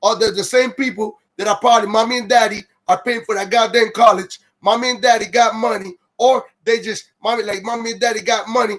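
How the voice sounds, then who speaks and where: Guy with a pretty high voice going off on a livestream, angry and cussing a lot, reads comments out. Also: steady tone, fairly quick, few pauses, fairly bright tone. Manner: heated, profane, reads viewer comments aloud. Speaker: livestream host. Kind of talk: ranting livestream monologue.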